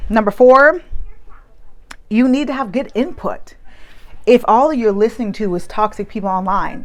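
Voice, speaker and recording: A woman in her thirties talking casually to camera, giving emphatic advice with many fillers and restarts. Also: medium pitch.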